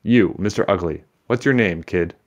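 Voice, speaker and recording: A man's voice: low-pitched, normal speed, highs cut off, close to an everyday voice. A man voicing a big, bossy bully boy who leads a schoolyard gang in a children's story, mocking and commanding. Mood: menacing.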